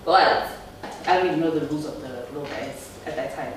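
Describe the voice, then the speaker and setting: A woman's voice: low-pitched, fairly quick. A young South African woman telling a storytime vlog, chatty and laughing as she talks straight to her viewers. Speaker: YouTuber. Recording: echoey room, voice from a distance.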